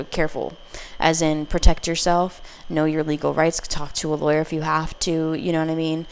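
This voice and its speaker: A woman's voice: low voice, slight background noise. A woman giving a casual pick-a-card tarot reading, blunt, profane and rambling. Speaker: tarot reader.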